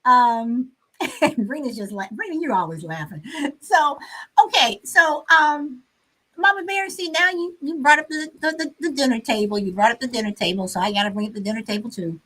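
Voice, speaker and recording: A woman's voice: on the high side, lively intonation, normal speed, bright, forceful tone, poor audio. A woman hosting a casual live stream, chatting with many fillers and reading out viewers' comments.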